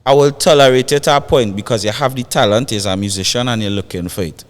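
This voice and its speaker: A man's voice: medium pitch, quick pace, big-room sound. A man with a Trinidadian accent talking as a guest musician in a casual chat, emphatic and repeating phrases.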